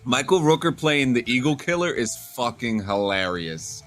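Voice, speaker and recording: A man co-hosting a podcast in casual chat, animated and profane, often laughing along. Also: mid-range voice, moderate pace, faint music behind. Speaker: podcast co-host.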